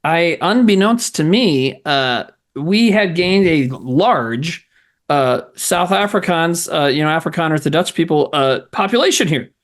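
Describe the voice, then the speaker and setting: A male podcast host who tells stories in loose comedy chat, swearing freely as he goes. His pitch swings widely and his delivery is animated. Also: a little slow. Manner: animated, profane storytelling.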